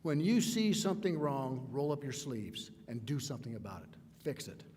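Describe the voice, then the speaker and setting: A man's voice: medium pitch, big pitch swings, normal speed, a little mellow. A man giving a ceremonial commencement speech, emphatic and returning again and again to the same refrain. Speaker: commencement speaker. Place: large hall. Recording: reverberant hall, faint background noise.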